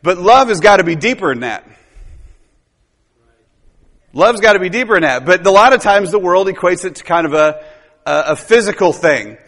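A pastor preaches in a loose, rambling style, leaning on tag questions and quick chuckles. His voice sits high for a man. A long reverb tail from the church hall trails each phrase. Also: expressive, fairly bright tone. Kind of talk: sermon.

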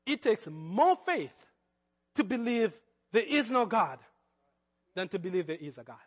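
A man's voice: high voice, big pitch swings, measured pace, slightly rough, in a large hall. A man with a Kenyan accent preaching a sermon as pastor, with hesitant fillers that build to fervent emphasis.

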